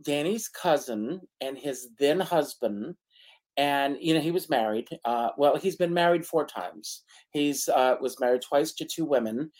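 Fairly high in pitch and a little mellow, a man co-hosting a talk show shares a personal story casually, dramatizing it and laughing through the painful parts.

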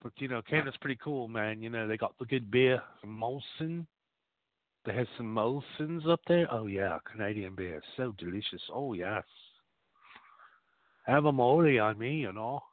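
A man's voice: fairly low pitch, normal speed, no room sound. A man hosting a radio show, delivering a crude, rambling comic monologue. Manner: rambling, vulgar, mock-boastful. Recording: tinny phone-line sound, dry.

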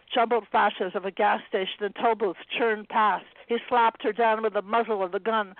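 A woman author reading a passage from her own novel aloud in a steady, even way. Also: mid-range voice, moderate pace, few pauses, dry recording. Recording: dry tinny phone-like line.

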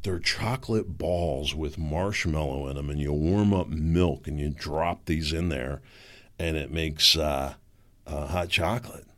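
A man's voice: rumbling low, a little slow, a bit bright. A middle-aged man hosting a show, talking in a rambling, folksy way and often stumbling over repeated words. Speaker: podcast host. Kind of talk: casual monologue.

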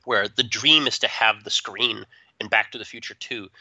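Bright-voiced man, dry close podcast mic. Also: on the low side, normal speed, no room sound, poor audio. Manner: animated, joking, trails into asides. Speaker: podcast co-host. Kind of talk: casual opinionated chat.

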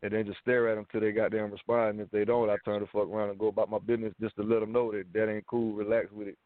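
Fast-talking brash man, phone line. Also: fairly low pitch, level tone, dry recording. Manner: brash, profane slang talk. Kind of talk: casual radio talk.

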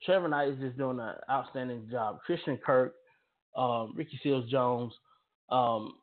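A man's voice: medium pitch, unhurried. A man hosting a football talk radio show, speaking emphatically and often repeating and restarting his phrases. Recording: tinny phone-line audio.

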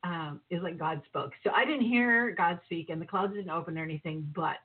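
A woman telling a lively personal story with laughter, acting out voices as she goes. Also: lowish voice, brisk, breathy edge. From northern Minnesota. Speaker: guest. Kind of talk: animated storytelling. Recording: phone-like narrow sound.

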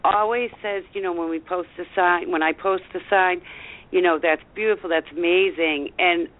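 Woman guest, earnest and halting, repeats herself, tinny phone line. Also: lowish voice, fairly even intonation. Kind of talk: heartfelt casual radio chat.

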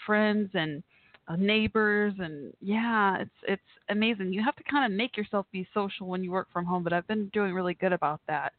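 A woman's voice: mid-range voice, no room sound. A woman hosting a live call-in show from home, gushing and laughing often. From Texas. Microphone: home setup. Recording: tinny phone-like line.

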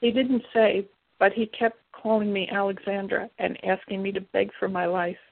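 Frightened young woman, read by a woman, husky, gravelly, phone-like recording. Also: medium pitch, level tone, moderate pace. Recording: tinny phone-like, dry.

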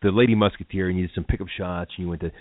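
A man's voice: low-pitched, very fast, no echo. A man hosting a radio interview, asking questions in a loose, chatty way with stumbling repeats. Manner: lively, laughs often, stumbling repeats. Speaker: radio show host. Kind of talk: casual interview. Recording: tinny phone-like line, dry.

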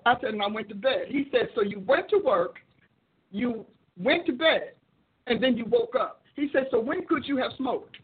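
A woman preacher with a slightly high, breathy voice hosts her show at a normal speed. She teaches through personal testimony, acting out quoted dialogue and repeating phrases for emphasis. The audio sounds tinny, like a phone.

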